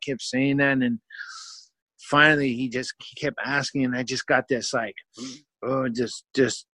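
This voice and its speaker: Man telling a story, animated and self-mocking, bright voice, dry sound. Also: mid-range voice, no echo. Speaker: guest storyteller. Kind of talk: personal storytelling.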